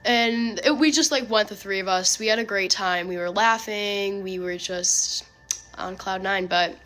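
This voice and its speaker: A young woman casually telling a personal dating story, chatty and animated, full of filler words. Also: mid-range voice, unhurried.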